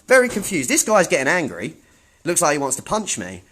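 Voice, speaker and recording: A man's voice: fairly high pitch, huge pitch swings, fairly quick, a bit bright, slight background noise. A man filming himself as he argues with staff inside a public office building, indignant and repetitive. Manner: indignant, argumentative, repeats himself. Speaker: self-filming activist. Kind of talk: confrontational self-filmed commentary.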